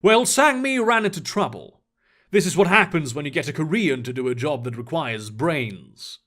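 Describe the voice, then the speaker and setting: A man's voice: fairly high pitch, expressive, moderate pace, fairly bright tone. A man voicing a cold, menacing young male spy who speaks curtly and with scorn. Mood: scornful. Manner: curt, scornful and threatening.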